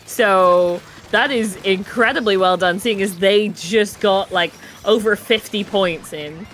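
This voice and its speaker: A woman's voice: mid-range voice, takes it slowly, fairly bright tone, a little hiss or hum. A woman giving color commentary on an online video game tournament, chatty and musing, laughing often. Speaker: esports co-commentator.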